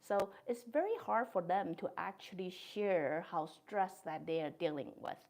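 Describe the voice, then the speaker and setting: A woman hosts her own podcast in a thoughtful, gentle monologue. Her voice sits a little low for a woman, and her English carries non-native grammar. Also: expressive, unhurried, slight background noise. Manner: gentle, thoughtful, with soft laughs. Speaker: podcast host. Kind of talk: reflective monologue.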